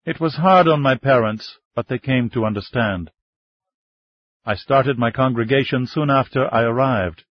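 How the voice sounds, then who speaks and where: Dignified fifties minister, measured and formal, voiced by a man, husky, dry lo-fi read. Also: mid-range voice, no echo, natural voice. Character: dignified male Chinese Baptist minister in his fifties, calm. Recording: dull lo-fi dry recording.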